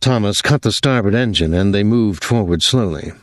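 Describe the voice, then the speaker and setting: A man reading a novel aloud in measured, even narration. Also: fairly low pitch, no room sound, studio quality. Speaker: audiobook narrator. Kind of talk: scripted narration.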